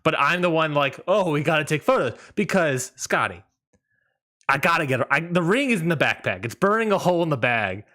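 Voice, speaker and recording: A man's voice: on the high side, lively intonation, fairly quick, sharp tone. A young man co-hosting a podcast, telling a rambling story in casual chat and laughing often. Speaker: podcast co-host.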